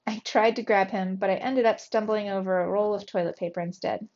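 A woman teacher reading a children's novel aloud to young pupils with clear, expressive storytelling. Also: mid-range voice, a little fast, hardly any pauses, muffled recording.

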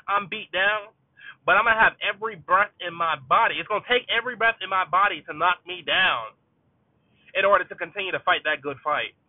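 High-voiced young man stuttering through a pep talk, tinny. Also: fairly quick, dry recording. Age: young adult. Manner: stuttering, repeats words, addresses listeners as y'all. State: tired. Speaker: student advocate and podcast host. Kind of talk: casual motivational monologue. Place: inside a car. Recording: tinny phone-like sound.

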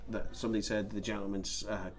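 A man in a casual film chat, hesitant and halting. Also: lowish voice, little pitch movement.

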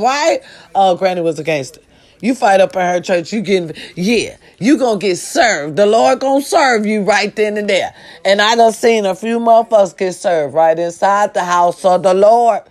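A woman tells comic family stories in a casual monologue. She is profane and animated. She can drop to a hushed, sincere tone and then burst into shouting. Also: medium pitch, moderate pace. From American South. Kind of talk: casual comedic storytelling monologue.

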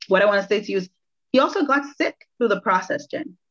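A woman's voice: medium pitch, animated, fast talker. A woman guest sharing a personal faith testimony in an interview, earnest and reflective, repeating phrases for emphasis. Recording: dull lo-fi audio.

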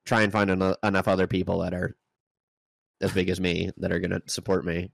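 Deep gravelly guy co-hosting a podcast, blunt and dismissive, dry close sound. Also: little pitch movement, brisk, no echo. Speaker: co-host. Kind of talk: casual comedic podcast banter.

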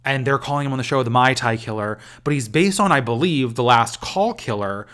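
A man's voice: medium pitch, a bit bright. A man hosting a podcast, in casual chat that is rambling and profane. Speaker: podcast host.

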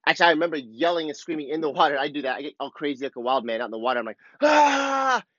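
A man's voice: medium pitch, fairly even intonation, very fast, a bit bright, dry recording, muffled recording. A man talking as a surf coach in a casual, rambling monologue, candid and full of swearing, recorded on a clip-on mic. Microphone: clip-on wireless mic.

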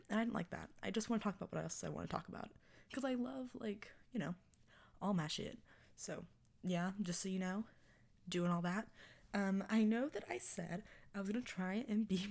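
A woman's voice: mid-range voice, creaky, darkish tone. A woman in her early twenties hosting her own podcast in casual chat, rambling and self-mocking, laughing often. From Texas. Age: 20s. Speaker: podcast host.

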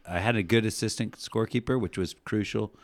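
Podcast co-host, very low voice, dry close mic, rambling storyteller, curses casually. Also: male voice, a little fast, no echo. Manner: rambling storyteller, swears, animated when recounting yelling. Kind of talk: casual sports podcast chat.

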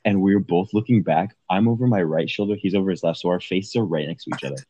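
A man's voice: low-pitched, quick pace, warm tone, no room sound, highs cut off. A young man co-hosting a podcast, chatting casually, laid-back, swearing and laughing often. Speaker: podcast co-host. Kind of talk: casual chat.

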